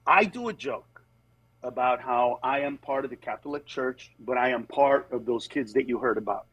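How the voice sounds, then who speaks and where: A man, a comedian, talking casually in a conversational storytelling way, lively and quick to slip into impressions of other people, then earnest and steady on serious points. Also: mid-range voice, slightly rough, highs cut off. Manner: animated, jumps into acted voices of others. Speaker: comedian guest on a talk show.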